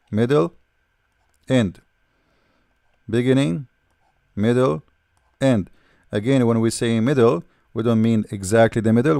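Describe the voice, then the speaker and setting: A language teacher explains letters while writing, patiently teaching the alphabet and repeating sounds, often checking in with "all right?". His medium-pitched voice is a little mellow with vocal fry, recorded in a clean studio with no echo.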